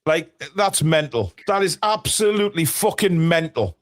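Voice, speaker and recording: A man with a notably high voice commentates a live match for fans. He is excitable, bursting into shouts and swearing at every twist of the game. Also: moderate pace. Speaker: fan channel host. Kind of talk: live football watchalong commentary.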